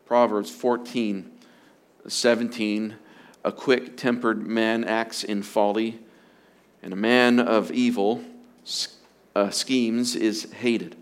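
Low-voiced, slow-paced preaching man. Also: little pitch movement. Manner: earnest, emphatic preaching with repeated phrases. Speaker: pastor. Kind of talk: sermon on marriage.

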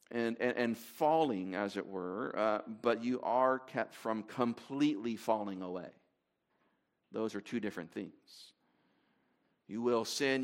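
A man preaching to a congregation in a conversational way, with fillers and restarts as he reads scripture aloud. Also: lowish voice. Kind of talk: sermon.

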